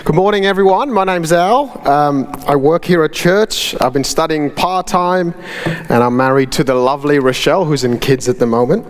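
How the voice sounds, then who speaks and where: A man preaching a sermon in church, telling stories in a lively way with frequent ums. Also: fairly high pitch, normal speed, long reverb tail.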